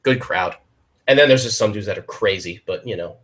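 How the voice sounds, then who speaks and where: A man's voice: lowish voice, a little fast, fairly bright tone. A young man co-hosting a podcast, telling rambling stories with lots of "like" and "dudes" and frequent restarts. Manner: rambling storyteller, repeats himself, says "like" and "dudes". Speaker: podcast co-host. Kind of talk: casual chat.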